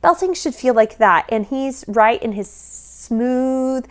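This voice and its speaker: A woman vocal coach giving lively, casual reaction commentary, often singing short examples and laughing. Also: high voice, takes it slowly. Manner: animated, demonstrative, sings examples, laughs often.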